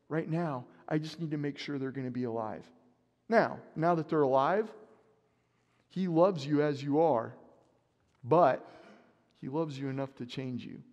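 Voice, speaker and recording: A man's voice: fairly high pitch, a little mellow. A man preaching a sermon, telling a story with animation and acting out his own panic. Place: church sanctuary. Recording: long church reverb.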